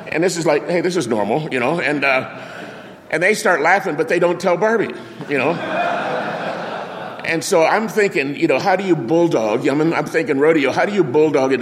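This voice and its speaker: An older man preaching a sermon, telling a lively anecdote with sound effects and acted-out quotes before turning to scripture. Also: a little high. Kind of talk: storytelling sermon. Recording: long reverb of a large hall.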